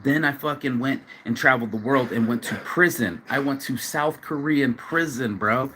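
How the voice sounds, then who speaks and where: A man's voice: mid-range voice, normal speed, sharp tone, slight background noise. An emotional man pours out a rambling vlog monologue from a bench outdoors. His mid-range voice stumbles over repeated words and drops casual swears and "bro"s. Faint outdoor ambience hums beneath him. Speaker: vlogger.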